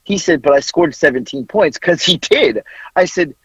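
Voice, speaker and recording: A man in middle age tells stories in casual podcast chat, his voice husky and a little breathy. He throws himself into quoted arguments and swears freely. The sound is dry and somewhat dull, like a lo-fi mic. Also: a little high, moderate pace, a bit bright, no room sound. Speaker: podcast co-host.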